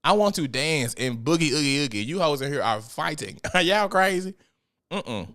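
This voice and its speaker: A man's voice: fairly high pitch, expressive, normal speed, a bit bright. Blunt, profane man ranting on a podcast. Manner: profane, blunt and joking, breaks into laughter; mock-preachy when addressing God. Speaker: podcast host. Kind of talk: casual solo podcast rant.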